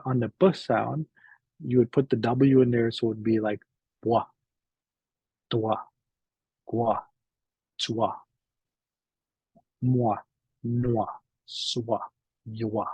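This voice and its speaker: A man giving a teaching presentation, slowly sounding out syllables and often checking in with "right?". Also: mid-range voice, gravelly, husky, no room sound, lo-fi sound. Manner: slow, repeating syllable sounds aloud; frequent fillers and "right?" tags.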